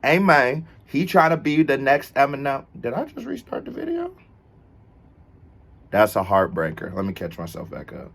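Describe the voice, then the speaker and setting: A man hosting a casual reaction video, talking in an animated, joking and playful way. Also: medium pitch, normal speed, creaky. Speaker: host reacting to a music video.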